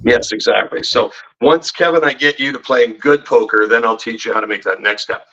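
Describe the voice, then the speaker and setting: A man's voice: mid-range voice, fairly quick, sharp tone, muffled recording. A man guesting on a podcast, telling rambling, jokey stories and teasing the hosts. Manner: rambling, jokey storyteller who teases the hosts. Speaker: guest poker pro and betting expert. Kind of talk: casual podcast storytelling.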